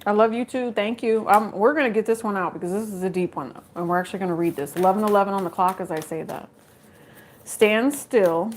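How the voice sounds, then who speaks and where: A woman's voice: medium pitch, a little fast, slight background noise. A woman giving a casual live tarot reading, chatty and joking with viewers and laughing often. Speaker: tarot card reader.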